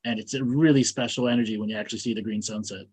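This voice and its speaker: A man hosting a call-in comedy show, delivering crude jokes in a deadpan way. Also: fairly low pitch, very fast, husky. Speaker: host. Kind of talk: comedy banter.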